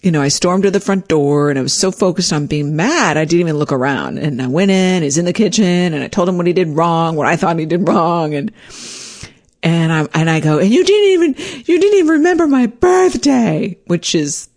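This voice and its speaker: A woman telling a personal story in an animated, self-deprecating way, leaping up in pitch when she acts out her own words. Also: brisk.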